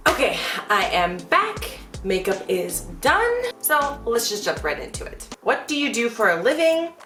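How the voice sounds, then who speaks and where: A young American woman vlogging a casual Q and A from her bedroom, chatty and animated, with lots of fillers. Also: fairly high pitch, a little slow, echoey room, music in the background. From United States. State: out of breath. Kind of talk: casual Q and A vlog. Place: indoors at home, bedroom.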